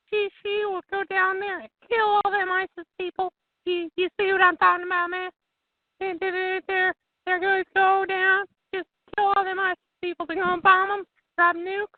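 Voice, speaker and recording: A performer voicing a shrill, boastful young left-wing brawler who keeps interrupting with a very high-pitched voice. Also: no echo. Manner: interrupts with rapid repeated shouted "no" and "shut up". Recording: tinny phone-line call.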